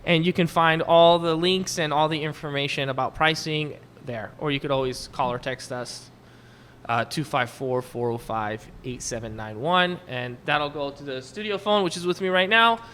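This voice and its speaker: A man's voice: on the high side, pushed and bright, a little hiss or hum. A man from Hungary with a Hungarian accent, a fitness studio guest in a casual interview chat who laughs easily. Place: live show at a bar stage.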